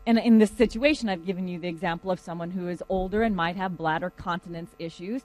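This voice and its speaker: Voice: mid-range voice, fast, rough recording. Conversational lecturer, loose and chatty, talking to a class. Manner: conversational, lively storytelling.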